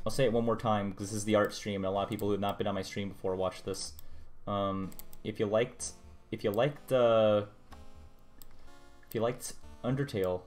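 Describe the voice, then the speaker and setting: Young guy on stream drawing stuff, kinda low voice, rambly, talks to himself, bit of music in the back. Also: fairly even intonation, moderate pace, a little mellow. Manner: rambling, muttering to himself about his drawing. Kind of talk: casual stream chat while drawing. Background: music playing.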